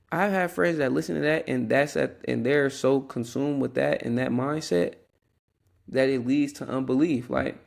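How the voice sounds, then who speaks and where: A man's voice: medium pitch, normal speed, vocal fry. A young man hosting a Christian podcast, talking earnestly in a rambling, casual way with restarts and asides. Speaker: podcast host.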